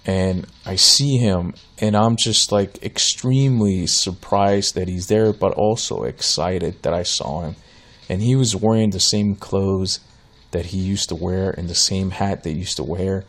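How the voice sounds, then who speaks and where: A man's voice: deep voice, a little slow. A man in his thirties hosting a solo podcast, telling a story in a casual, rambling way with many fillers and restarts. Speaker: podcast host.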